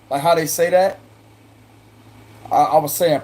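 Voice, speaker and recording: A man's voice: a little high, steady tone, moderate pace, darkish tone. A man with a Cajun accent giving a casual, rambling tarot reading to viewers, repeating himself and chuckling in asides. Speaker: tarot reader.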